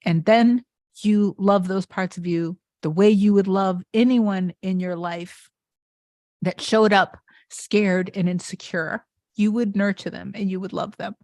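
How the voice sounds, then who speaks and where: A woman's voice: medium pitch, fairly even intonation, a little slow, a little mellow, dry recording. A woman coaching her viewers live, earnest and emphatic, circling back over her words as she builds a point. Her voice sits in a mid range, close to the mic in a dry, dead space. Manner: earnest, emphatic, repetitive, with restarts. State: tearful near the end. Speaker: manifestation coach hosting a live stream. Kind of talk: impassioned spiritual coaching on a livestream.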